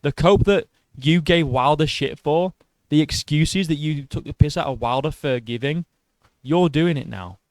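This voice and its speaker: A man's voice: fairly high pitch, normal speed, dry recording. A man giving blunt, profane reaction commentary on boxing.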